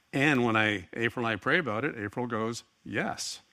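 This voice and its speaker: A man's voice: medium pitch, measured pace, pushed and bright. A middle-aged man preaching a sermon, telling a personal story with earnest, wry asides. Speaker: pastor.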